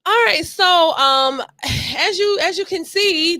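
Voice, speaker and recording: A woman co-hosting a podcast, talking in a blunt, sarcastic, animated way. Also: very high voice, slow, no echo. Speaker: podcast co-host. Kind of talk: casual commentary chat.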